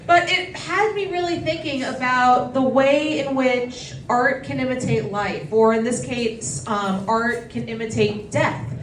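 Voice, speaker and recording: A woman doing a stand-up comedy set at a bistro, with a quick, self-deprecating delivery and crude punchlines. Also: sits high, slight background noise. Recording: echoey room from a distance, loud crowd.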